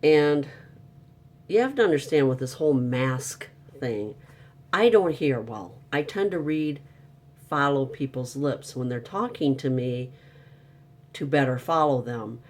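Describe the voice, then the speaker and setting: A man's voice: medium pitch, expressive, unhurried. Exasperated man venting to camera. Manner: upset, exasperated storytelling. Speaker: vlogger. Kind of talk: casual venting monologue.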